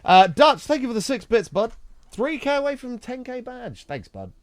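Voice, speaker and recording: Chatty streamer, lively voice. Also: male voice, extremely high pitch, normal speed, no echo, studio quality. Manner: chatty, muttering asides, thanking viewers, reacting to a video. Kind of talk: casual live-stream commentary. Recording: faint background music.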